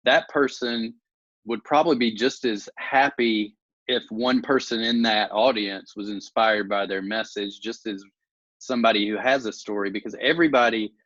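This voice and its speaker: Man, low pitch, reflective interview host, dry close sound, dull lo-fi. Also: steady tone, moderate pace, fairly bright tone, no echo. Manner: reflective, encouraging, long musing sentences. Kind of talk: casual interview conversation.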